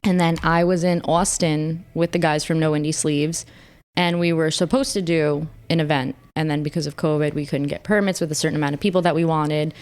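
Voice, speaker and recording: Casting: woman, 30s, podcast co-host, lower-pitched, joking and casual. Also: steady tone, brisk, darkish tone, clean tone. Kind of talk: casual chat.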